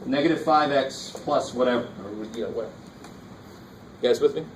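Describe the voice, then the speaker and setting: A man's voice: mid-range voice, brisk, distant mic. A man teaching a college math class in a casual, engaged way, often checking that students are following along. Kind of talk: classroom lecture. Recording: roomy classroom recorded from afar, faint noise.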